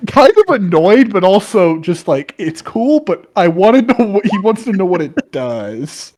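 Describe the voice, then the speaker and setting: High-voiced male player, casual and sweary. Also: sing-song, normal speed, a little mellow. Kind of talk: casual tabletop play.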